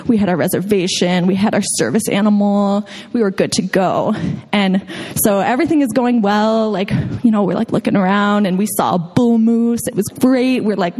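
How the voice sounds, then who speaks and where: A young woman tells a story on stage in a large hall, her voice carried by a long reverb. She talks in a loose, chatty way, peppered with fillers, at a middle pitch. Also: normal speed, darkish tone. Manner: casual and chatty, full of "like" fillers. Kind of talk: live storytelling to an audience.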